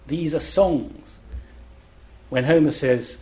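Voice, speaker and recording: A middle-aged man lectures as a classics scholar on a festival panel at an indoor live event, eagerly chanting rhythms in syllables to show them. His medium-pitched voice is a little mellow, unhurried, with lively intonation.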